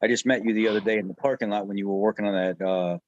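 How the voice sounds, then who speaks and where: Easygoing lower-voiced male host. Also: fairly even intonation, very fast, no room sound, dull audio. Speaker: host of a truck repair channel. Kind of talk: casual talk-show chat.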